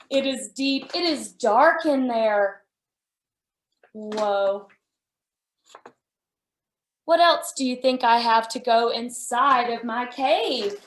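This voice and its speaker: Slow, gasping story-time woman. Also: fairly high pitch. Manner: animated and wondering, with frequent gasps, speaking to a child audience. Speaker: children's story time reader. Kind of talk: reading a picture book aloud to young children. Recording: echoey room.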